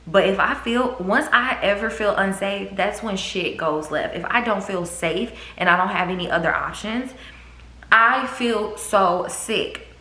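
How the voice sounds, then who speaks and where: A woman's voice: mid-range voice, measured pace. A woman, telling a storytime vlog with swearing and acted-out quotes. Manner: animated, swearing, acts out quotes. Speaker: vlogger. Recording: echoey room.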